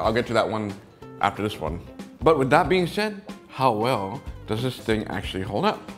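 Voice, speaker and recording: A chatty man hosting a casual toy review, talking straight to his viewers. His voice is mid-pitched but swings up and down with excitement, and faint guitar music plays underneath. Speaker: toy brick set reviewer, channel host. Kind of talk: casual product review vlog.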